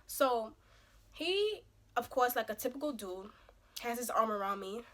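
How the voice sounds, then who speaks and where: In an unhurried, fairly high voice, a young vlogger recounts a dating story for a laid-back storytime video. A cold leaves her a little hoarse, and she bursts out emphatically and animatedly along the way.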